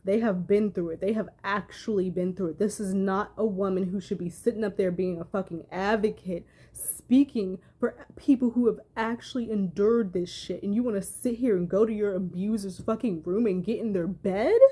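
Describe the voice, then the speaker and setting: A woman's voice: medium pitch, normal speed, few pauses, mellow, husky. Angry, profane woman ranting. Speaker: commentary vlogger. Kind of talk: heated commentary rant.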